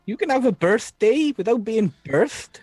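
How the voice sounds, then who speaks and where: A woman's voice: on the high side, expressive, unhurried, dark tone, husky, no room sound. A woman doing a tiny blustering alien engineer. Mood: chatty. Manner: blustering, calls everyone mate. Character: tiny brash male alien engineer, boastful. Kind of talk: tabletop role-play.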